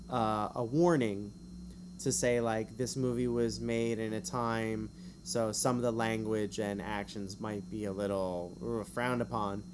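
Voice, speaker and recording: A man's voice: lowish voice, background noise. A man streaming, reading a gamebook aloud in a casual way, with rambling, self-mocking asides between passages. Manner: chatty, rambling asides, quick to laugh at himself.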